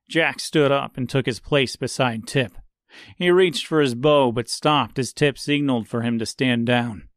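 A man narrating an audiobook in a slow, deliberate, even way. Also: medium pitch, no echo, studio quality. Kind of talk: scripted narration.

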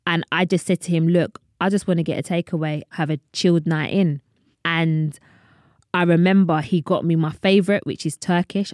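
Young woman podcasting about faith, bit low voiced, rambles off topic, dead dry mic. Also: fairly even intonation, normal speed, a little mellow, no room sound. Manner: chatty, digressive, earnest. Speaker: podcast host. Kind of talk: personal faith talk to listeners.

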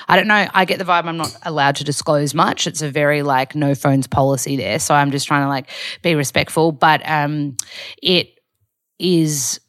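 Australian woman, young adult, low voice, chatty rambling vlog talk, full of fillers, dry close sound. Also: no echo. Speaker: vlogger. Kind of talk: casual vlog chat.

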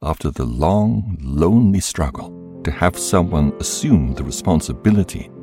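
A man reading a book aloud calmly as a podcast host, in scripted narration. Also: low-pitched, moderate pace, breathy edge, no echo, soft background music.

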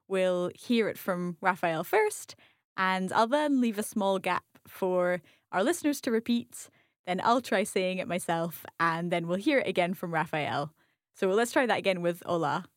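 A woman's voice: lowish voice, lively intonation, moderate pace, no room sound, studio quality. A woman as the learner co-host on a language lesson podcast, curious and chatty, asking questions and repeating new words.

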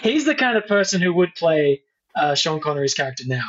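A man's voice: fairly high pitch, sing-song, a little fast, fairly bright tone, highs cut off. A man co-hosting a casual film podcast, recapping plots in an easygoing way. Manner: easygoing plot recaps with fillers. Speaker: podcast co-host. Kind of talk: casual chat.

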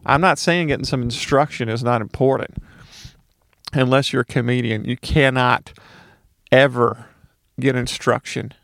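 A man's voice: mid-range voice, steady tone, unhurried, creaky, pauses often, fairly bright tone, no room sound, clean studio sound. A man from Mississippi with a light Southern accent, doing a casual solo comedy monologue, ranting with profane, sarcastic asides.

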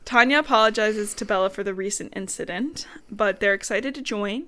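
A woman's voice: mid-range voice, fairly quick, sharp tone. Chatty woman recapping a book. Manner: chatty, blunt sarcastic asides. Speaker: podcast co-host. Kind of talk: casual book-recap chat.

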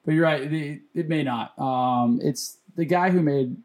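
A man's voice: a little high, measured pace, darkish tone. A man co-hosting a gaming podcast, talking casually with frequent fillers and easy laughter. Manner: conversational, laughs easily, fillers. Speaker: podcast co-host.

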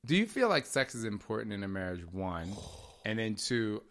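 A man and father chatting casually on a podcast with his husband, telling lively family stories and laughing often. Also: fairly low pitch, moderate pace. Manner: animated storytelling, acts out voices in quotes, laughs often. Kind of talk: casual couple chat.

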